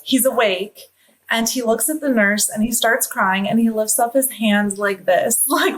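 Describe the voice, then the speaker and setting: A woman's voice: a little high, fairly even intonation, normal speed, low-quality recording. A woman on a podcast casually telling a family story, chuckling along. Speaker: guest.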